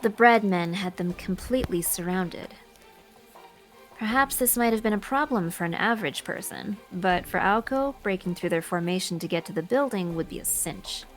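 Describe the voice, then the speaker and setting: A woman reading a visual novel aloud as the narrator, telling it in a steady, expressive way. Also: medium pitch, normal speed, soft background music. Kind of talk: dramatic narration read aloud.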